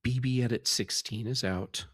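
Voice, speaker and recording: A man co-hosting a tech podcast, talking in a relaxed, rambling way with many fillers. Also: medium pitch, moderate pace, slightly rough, no echo, clean studio sound. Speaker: podcast co-host. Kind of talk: casual tech podcast chat.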